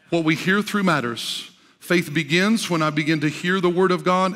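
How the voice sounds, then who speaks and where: A man pastor preaching a sermon with rising fervor, often shouting at the peaks. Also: fairly high pitch, big-room sound.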